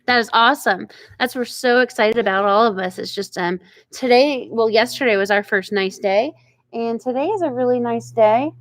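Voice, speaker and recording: A woman's voice: on the high side, normal speed, no echo. A middle-aged woman from Oklahoma with an Oklahoman accent hosts a casual live stream outdoors, chatting and greeting viewers by name. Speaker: ranch channel host reading live chat. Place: outdoors on a ranch.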